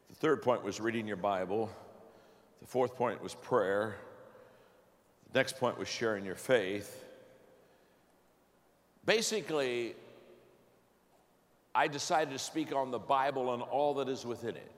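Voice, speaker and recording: A man preaching, telling a folksy, self-deprecating story in an animated way and often restarting his sentences. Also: medium pitch, in a large hall. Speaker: pastor. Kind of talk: storytelling sermon.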